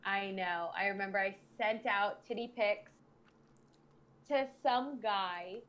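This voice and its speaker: A woman's voice: mid-range voice, slow pace, fairly bright tone. A woman in her twenties hosting a podcast as a sex educator, talking bluntly and sassily with plenty of swearing. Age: 20s. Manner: blunt, heavily profane, sassy. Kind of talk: casual podcast chat.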